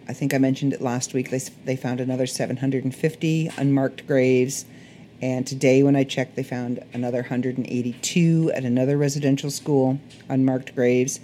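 A woman with a Canadian accent, a little hoarse, rambling through a casual solo podcast chat. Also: extremely low pitch, dark tone, a little hiss or hum. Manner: rambling, chatty, self-correcting. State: slightly hoarse. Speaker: podcast host.

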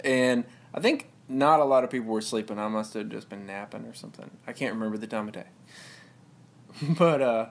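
A man's voice: mid-range voice, normal speed, creaky, slight background noise. A man co-hosting a podcast, telling a story in a casual, rambling way and laughing through it. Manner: laughs through his stories, relaxed and rambling. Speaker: podcast co-host.

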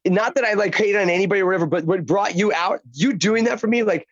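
An older actor, a guest, talking in a rambling, excitable, profane way in casual chat. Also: male voice, sits high, fast talker, dry recording, highs cut off. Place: outdoors by a lake.

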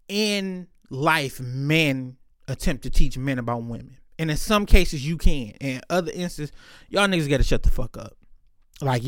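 A man's voice: on the high side, no room sound, clean studio sound. A man telling stories in a casual monologue, talking candidly and swearing freely as he goes. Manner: candid, profane, and loose, with frequent swearing.

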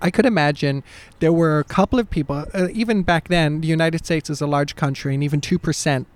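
A chatty man co-hosting a podcast, his voice slightly high. He drops in quick facts and asides. The sound is dry and close, with no room around it. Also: clear, resonant tone, no room sound. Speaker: podcast co-host. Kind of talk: casual chat.

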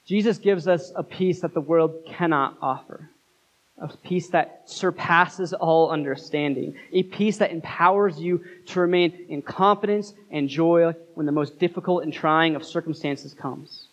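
A man preaching a sermon as pastor, earnest, with dramatic pauses. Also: fairly high pitch, muffled recording.

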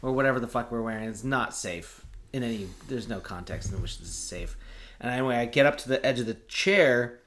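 A man's voice: medium pitch, a little fast, fairly bright tone, a little hiss or hum. A man co-hosting a podcast, telling a childhood story in casual chat, acting out quotes and laughing often. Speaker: podcast co-host.

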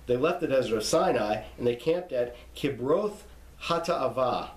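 A man with a mid-range, lively voice slowly reads out lists of scripture names in a teaching tone, pausing to spell out how each is pronounced. The recording is rough and reverberant.

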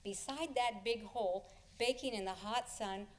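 A woman telling a personal story live. She tells it expressively, often chuckling, in a slightly high voice. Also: moderate pace, a little hiss or hum.

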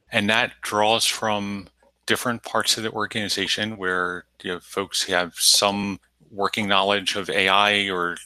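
A man, interviewed as a guest, explaining his organization's work in a measured, methodical way and laying out his points one by one. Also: fairly low pitch, bright, forceful tone, no room sound, low-quality recording. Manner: measured, methodical, lays points out in numbered pillars. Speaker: guest, technology lead at an aid organization. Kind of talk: structured interview answers.

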